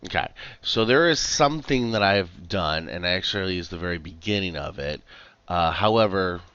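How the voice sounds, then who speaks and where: A man's voice: sits low, expressive, moderate pace, fairly bright tone, highs cut off, slight background noise. A man running a casual live coding tutorial over a headset mic, chatty and rambling, with lots of fillers and restarts. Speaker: livestream programming tutor.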